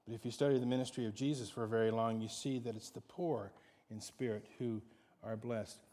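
A man preaching a sermon, dramatic, swinging from hushed to loud. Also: mid-range voice, steady tone, brisk. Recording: long hall reverb.

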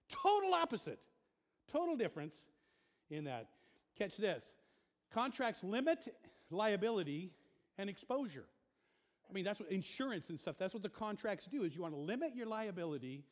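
A male pastor preaching a sermon to a congregation, asking them questions and building to impassioned emphasis. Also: sits high. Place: church sanctuary. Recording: long hall reverb.

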